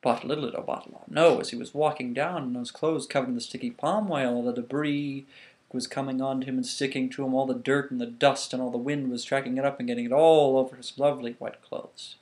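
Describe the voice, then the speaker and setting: A man casually telling a myth to the camera, animated, with frequent restarts. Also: medium pitch, fairly quick. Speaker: vlogger. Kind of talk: casual storytelling.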